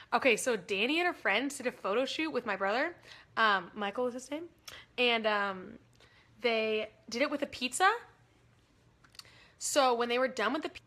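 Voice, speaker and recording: A woman's voice: fairly high pitch, bright, forceful tone. A young woman hosting a casual livestream, chatty and giggly, rambling through stories. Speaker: livestream host.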